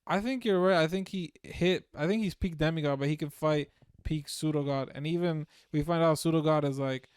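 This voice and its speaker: A man's voice: a little high, a little fast, darkish tone, smooth, dry recording. A man co-hosting a casual podcast chat about web novels, easygoing and laughing along. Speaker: podcast co-host.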